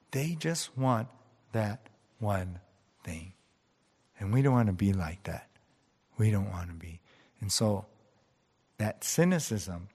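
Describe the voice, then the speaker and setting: A man preaching a sermon in a conversational way, often tagging lines with "you know" and "yeah?". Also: long reverb tail. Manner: acts out quoted voices with big pitch jumps. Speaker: pastor.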